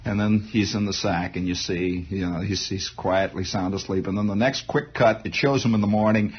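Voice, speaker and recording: A middle-aged man hosting a late-night radio show, telling long rambling stories with lots of animated asides. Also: fairly low pitch, normal speed, husky. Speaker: radio host. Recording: muffled 1960s radio broadcast.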